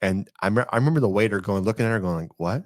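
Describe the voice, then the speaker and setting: A man's voice: lowish voice, racing. A man from Texas co-hosting a casual podcast, rambling and joking, often laughing. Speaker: podcast co-host. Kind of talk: casual chat.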